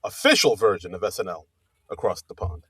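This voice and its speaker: A man's voice: low-pitched, sing-song, a little fast, sharp tone, breathy edge, dry recording. A man from New Jersey co-hosting a podcast, talking casually in a rambling way with restarts and fillers. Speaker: podcast co-host. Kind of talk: casual chat.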